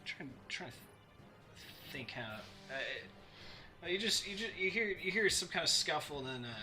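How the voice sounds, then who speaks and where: A man narrating a tabletop game as game master, halting and full of restarts. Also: sits high, animated, sharp tone, soft background music. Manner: halting, many fillers and restarts.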